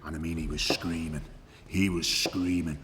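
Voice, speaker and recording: An actor playing a boastful, crude hitman who tells his story with swagger, profanity and drawn-out emphasis, in an acting class monologue. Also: rumbling low, little pitch movement, big-room sound, heavy background noise. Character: boastful crude male hitman telling war stories.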